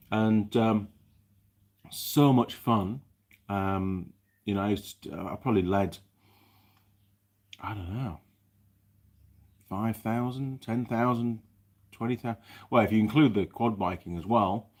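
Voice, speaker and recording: Fairly low in pitch with a darkish tone, a male mechanic chats casually on a live stream from his workshop. He rambles, restarts frequently, and reads out viewer comments.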